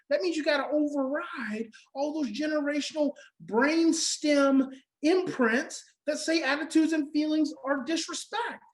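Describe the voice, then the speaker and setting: A woman giving an impassioned parenting seminar, emphatic and repetitive like a preacher, swinging between shouting and hushed near-whispers. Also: high-pitched, poor audio. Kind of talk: impassioned online seminar talk.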